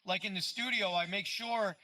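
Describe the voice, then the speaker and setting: A man's voice: high voice, normal speed, sharp tone, no room sound. A man guesting on a casual podcast, telling loose, rambling stories with plenty of swearing. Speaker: guest, prank-call performer.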